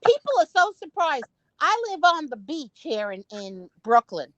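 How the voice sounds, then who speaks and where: An older woman with a New York accent tells stories on a livestream, high-pitched and swinging widely up and down. She keeps acting out what other people said, and her voice sits close and dry. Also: moderate pace, no room sound, dull audio. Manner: animated storyteller who acts out quotes. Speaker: guest on a livestream. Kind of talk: casual chat.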